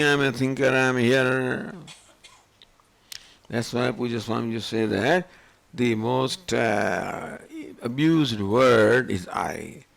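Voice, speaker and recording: A man's voice: mid-range voice, creaky. An older man giving a spiritual lecture on scripture, questioning his listeners again and again. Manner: questioning, rhetorical, animated. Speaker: swami teaching scripture.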